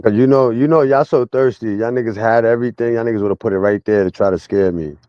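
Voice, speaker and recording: A man's voice: mid-range voice, fast talker, dark tone, clear, resonant tone, dry recording. Taunting man on a dull, dry stream mic. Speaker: livestreamer. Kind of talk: casual livestream rant to chat.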